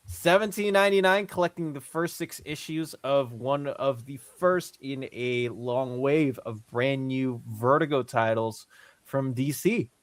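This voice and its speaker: A man's voice: medium pitch, a little slow. A man on a casual comics panel chat, making dry, wry remarks before introducing the next book. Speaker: podcast co-host.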